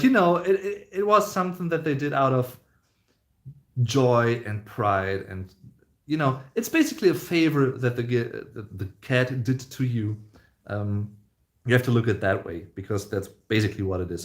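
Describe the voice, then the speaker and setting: A man's voice: medium pitch, normal speed. Chatty German man reading live chat. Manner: rambling, chatty, many fillers and restarts. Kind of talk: casual live-stream chat.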